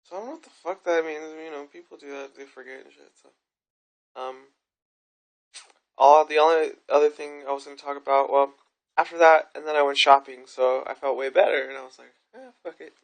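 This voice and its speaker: A woman vlogs to camera in a candid monologue, telling a frank, rambling story full of swearing. Her low voice keeps a steady tone and moves a little fast.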